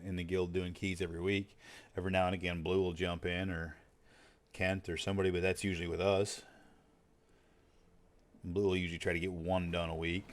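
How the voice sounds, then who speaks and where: A man chatting casually while streaming a game, rambling and swearing freely in a laid-back way. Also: deep voice. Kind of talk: casual chat while gaming.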